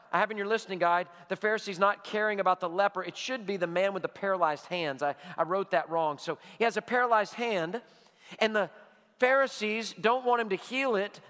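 A man preaching a sermon as pastor, telling stories with animation and dropping to a hush for emphasis. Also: high-pitched, long reverb tail. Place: church sanctuary.

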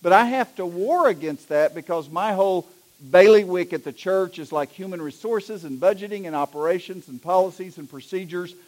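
A man's voice: sits high, moderate pace. A middle-aged man, an executive pastor, preaching a sermon in a folksy, storytelling way. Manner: folksy, anecdotal, animated when telling jokes.

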